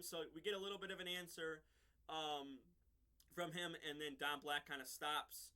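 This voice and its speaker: Young guy with a bright, kinda high voice, rambling show recap, lots of ums. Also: normal speed. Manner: rambling, many ums and restarts. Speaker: reviewer. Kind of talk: casual episode recap.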